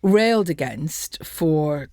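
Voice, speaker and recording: Blunt middle-aged woman, soft Lancashire accent. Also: low voice, lively intonation, slow, no echo, studio quality. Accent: softened Lancashire. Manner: blunt, bolshie and earthy. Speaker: podcast guest, construction safety professional. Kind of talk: casual interview chat.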